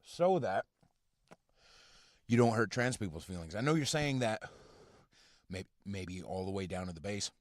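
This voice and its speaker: A man hosting a podcast from inside his car, ranting casually and profanely in a halting, rambling way full of fillers. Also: lowish voice, expressive, no room sound. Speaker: podcast host. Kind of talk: casual rant.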